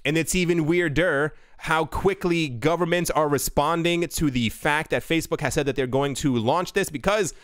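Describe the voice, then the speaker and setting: A man's voice: on the high side, normal speed, few pauses, no echo, clean studio sound. A man hosting a crypto news show, reading out articles and adding rambling, self-correcting asides.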